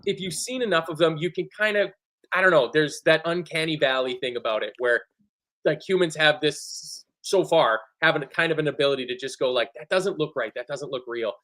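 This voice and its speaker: A man co-hosting a football fan show in casual chat, animated and sweary, often acting out other people's lines. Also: fairly high pitch, fairly quick. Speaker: football podcast co-host.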